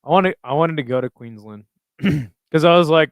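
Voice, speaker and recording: Reading his chat aloud, a young livestream host talks in a slightly high, animated voice at a somewhat quick pace. The tone is clean with no room sound, and his talk is loose, profane, and wandering.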